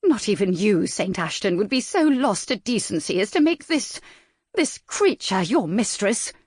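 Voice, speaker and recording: A woman voicing a hysterical, shrill middle-aged noblewoman in a period audiobook, her delivery wailing and indignant. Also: big pitch swings, moderate pace, a little mellow, breathy edge, no room sound, clean studio sound. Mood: scandalized.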